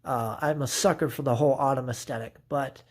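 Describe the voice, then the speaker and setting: A man's voice: medium pitch, fairly even intonation, a little fast. A young man chatting casually into his phone camera as a vlogger, rambling enthusiastically with lots of fillers and restarts. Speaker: vlogger showing his playbill collection. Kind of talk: casual chat.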